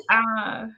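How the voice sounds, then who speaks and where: A woman hosting a live webinar with lively energy, calling out chat names and welcoming everyone in. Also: highs cut off. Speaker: webinar host. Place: home, in Maryland.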